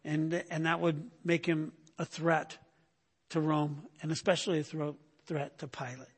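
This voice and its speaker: Guy preaching a sermon, kinda high voice, chatty, says "right?" all the time. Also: flat delivery, measured pace, breathy edge. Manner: conversational, keeps asking "right?"; acts out quoted speakers in raised voice. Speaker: pastor.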